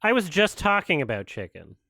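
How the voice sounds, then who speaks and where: A man's voice: high voice, sing-song, fairly quick, no echo. Guy streaming a watch-along while sick, rambly and sweary, dry close sound. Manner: rambling, swearing, laughs loudly. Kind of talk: casual watch-along chat.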